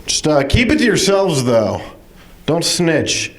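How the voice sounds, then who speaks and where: A man's voice: a little high, very animated, slow pace. A man delivering a dry stand-up set on a club stage. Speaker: stand-up comedian.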